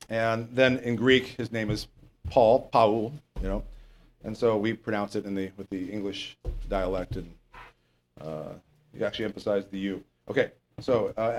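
A male pastor with a fairly low voice preaches at normal speed in a relaxed, conversational style. He rambles and jokes while reading the Bible, loses his place at times, and drives home key points.

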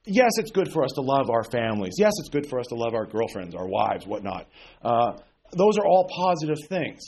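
A man's voice: mid-range voice, sing-song, brisk, a little mellow, breathy edge. A man preaching an informal sermon, blunt and sarcastic, with folksy asides. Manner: mocks emotional prayers in exaggerated voice.

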